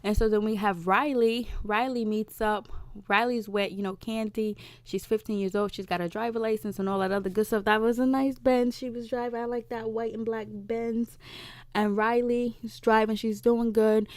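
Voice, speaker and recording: A woman's voice: fairly high pitch, flat delivery, no room sound. A woman casually recapping a TV episode, rambling with lots of "you know" fillers and acting out the lines she quotes. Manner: acts out characters' lines in quick voices. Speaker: reality TV recap vlogger.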